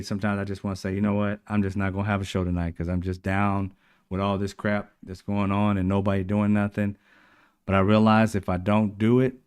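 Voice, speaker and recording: A man hosting a casual political livestream, talking emphatically and mocking his opponents in put-on quotes. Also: lowish voice. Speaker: political commentary show host.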